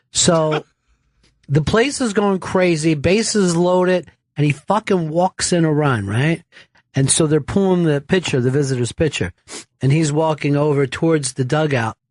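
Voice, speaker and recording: Guy on a radio show telling a filthy story, swears every other word, kinda high voice, dry close mic. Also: dry recording. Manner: animated, swearing, laughing, acting out shouts. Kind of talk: profane storytelling on talk radio.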